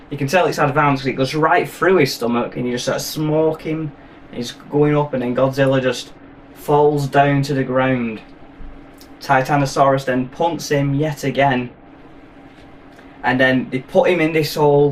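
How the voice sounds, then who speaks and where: A man recapping a film in a rambling, profane, jokey way. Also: a little high. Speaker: film reviewer. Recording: voice from a distance, faint noise.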